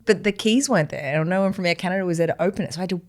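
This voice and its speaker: A woman's voice: on the low side, very fast, darkish tone. A woman with an Australian accent, a musician guest in a casual podcast chat, laid-back and wry.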